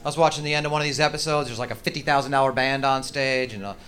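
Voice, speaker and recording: A man's voice: mid-range voice, steady tone, racing, a bit bright. A middle-aged man doing profane, ranting, self-mocking stand-up comedy in a live club set. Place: comedy stage.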